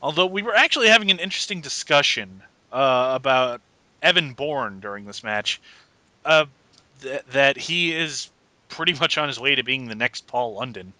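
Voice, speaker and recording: A man hosting a casual wrestling podcast, animated and sarcastic. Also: medium pitch, moderate pace, no room sound. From Scotland. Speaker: podcast host.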